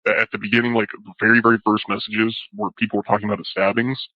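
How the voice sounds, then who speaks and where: Young man, hesitant interview answers, lots of fillers, flat voice, dull dry recording. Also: on the low side, no echo. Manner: halting, full of "like" fillers.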